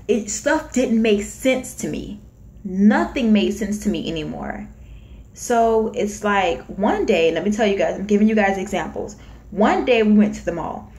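A young woman from Florida telling a personal story to the camera in a casual, chatty way, acting out what people said. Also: mid-range voice. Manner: chatty, animated retelling with acted-out quotes. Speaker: vlogger.

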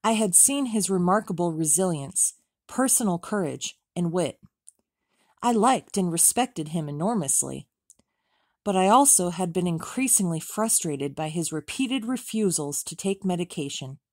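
Female reader for a memoir audiobook; measured, even delivery, slightly low pitch, dry booth sound. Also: no room sound. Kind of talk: reading a memoir aloud.

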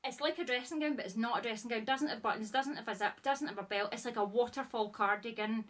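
A woman's voice: a little high, quick pace. A woman, chatting casually as a vlogger and gushing with lots of fillers. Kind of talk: casual chat.

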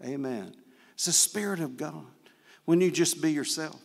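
An older man with a slightly high voice tells stories in a folksy, animated way, dropping in praise and amens as he goes. His voice carries a long reverb from a large church sanctuary. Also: normal speed, gravelly, breathy edge. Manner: folksy, animated storyteller with frequent praise interjections. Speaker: guest speaker and guitarist at a church service. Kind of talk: storytelling testimony in a church service.

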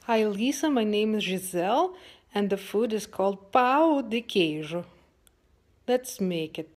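A woman's voice: mid-range voice, lively intonation, normal speed, natural voice. A woman voicing a friendly Brazilian woman friend with a put-on Brazilian accent, presenting a recipe. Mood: upbeat. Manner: upbeat, loud cooking demo.

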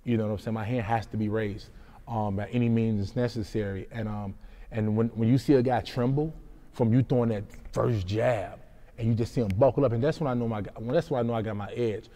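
Brisk and warm, his voice sits on the low side with fairly even intonation. This young man fights in MMA and rambles through interview answers, frequently adding "you know what I'm saying," with hall reverb on the recording.

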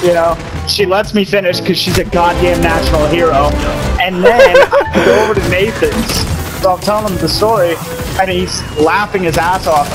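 A young man telling a rambling, crude story to friends over voice chat while gaming, breaking into loud laughs. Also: high-pitched. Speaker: gamer telling stories. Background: background music.

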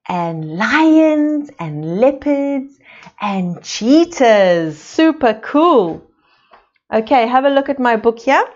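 A woman's voice: on the high side, a little mellow. Sing-song woman teaching toddlers. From South Africa. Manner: sing-song, coaxing, slow and exaggerated for small children. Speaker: preschool teacher. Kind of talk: children's lesson with a picture book. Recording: dull lo-fi video sound.

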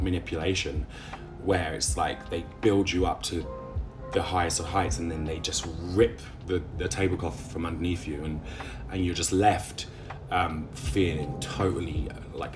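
A young man recounting a painful relationship, halting and repeating words with many fillers. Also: low voice. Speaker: interviewee recounting abuse. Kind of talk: emotional personal testimony.

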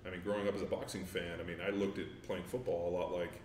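Very deep-voiced man, laid-back and rambling. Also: level tone, quick pace, a little mellow, a little hiss or hum. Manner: laid-back, rambling, with many fillers and profanity. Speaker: guest, former NFL offensive lineman. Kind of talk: casual interview chat. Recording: roomy, distant mic with faint ambience.

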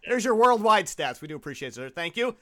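A man hosting a comedy podcast, joking around, laughing loudly and calling out names. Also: sits high, very animated, fast talker, heavy background noise. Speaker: podcast host.

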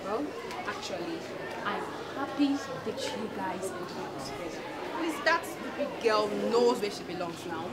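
A woman's voice: mid-range voice, expressive, unhurried, lightly acted. An actress with a Nigerian accent playing a sassy, manipulative young female student who mocks and pleads by turns. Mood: gossipy. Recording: film soundtrack with music and crowd noise.

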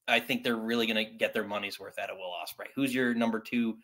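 A man's voice: on the low side, fairly even intonation, quick pace, sharp tone. A man hosting a casual wrestling podcast, upbeat and steering the segment from topic to topic. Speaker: podcast host.

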